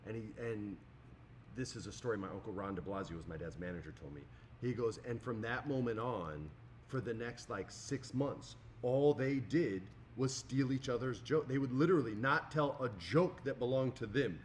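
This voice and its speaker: An energetic man in his forties co-hosts a podcast, telling prank stories in a casual, excitable way. His voice sits mid-range, and a faint hiss runs underneath the recording. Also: mid-range voice. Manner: energetic storyteller, says "dude" a lot. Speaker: podcast co-host. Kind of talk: casual chat.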